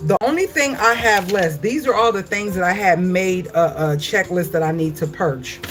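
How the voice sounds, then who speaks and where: A middle-aged woman, venting at home in a casual chat with her viewers. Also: on the low side. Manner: exasperated, venting, animated. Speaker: vlogger.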